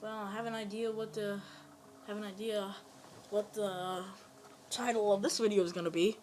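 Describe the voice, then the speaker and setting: A woman's voice: mid-range voice, fairly even intonation, moderate pace, darkish tone, slight background noise. A woman giving casual let's-play commentary, rambling playfully and talking at other players. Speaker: gameplay commentator.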